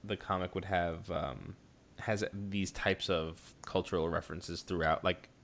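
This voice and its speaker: A man co-hosting a podcast in casual chat, talking in halting bursts with many restarts and quick laughs. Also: sits low, steady tone, creaky, a bit bright, slight background noise. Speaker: podcast co-host.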